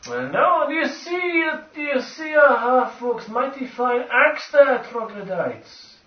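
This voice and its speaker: A man voicing a gruff male dwarf cleric who interrogates with mocking, sly threats, in a dull, distant, echoey recording. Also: very high voice, slow. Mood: taunting.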